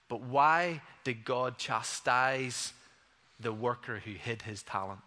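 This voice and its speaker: A man preaching a sermon in a bright, forceful voice. His tone is earnest and conversational, with light playful asides. The sound carries a long reverb from a church hall. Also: medium pitch. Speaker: pastor.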